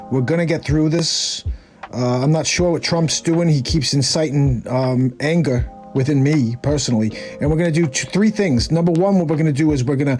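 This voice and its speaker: A man doing breathy whispered celebrity impressions. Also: on the high side, close to an everyday voice. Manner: hushed, breathy whisper as tycoons; brash and rushed as governor. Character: breathy whispering impressions of male tycoons and a blustery governor.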